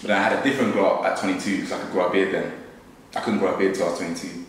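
A man's voice: low-pitched, fairly even intonation, very fast, recorded from a distance. A young man, chatting casually and teasing, laughing often. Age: young adult. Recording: very echoey room, faint noise.

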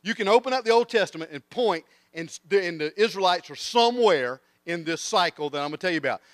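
Middle-aged preacher, high-pitched, animated storyteller. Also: male voice, fast, no room sound, clean studio sound. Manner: animated storyteller, acts out voices. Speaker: guest preacher. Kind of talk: sermon with comic storytelling. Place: church.

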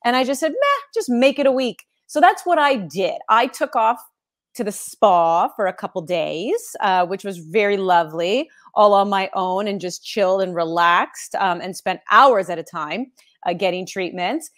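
A middle-aged woman from Canada who works as a sportscaster, chatting as a guest. She tells stories with energy and laughs often. Her voice has a medium pitch for a woman. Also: normal speed. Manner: animated storytelling, laughs often. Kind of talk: casual interview chat.

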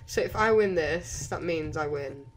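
A woman's voice: deep voice, unhurried, a little hiss or hum. A young woman hosting a gaming video, teasing her friends in casual chat and laughing often. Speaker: gaming channel host. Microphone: desk microphone.

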